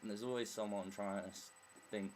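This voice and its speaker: A man with a fairly low voice talks to his camera in a loose, rambling rant. He's self-deprecating and keeps tripping over fillers. It's picked up on a weak, quiet mic with a faint hiss behind him. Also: steady tone, a little fast, low-quality recording. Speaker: vlogger. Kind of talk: casual vlog rant. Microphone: weak, quiet home mic.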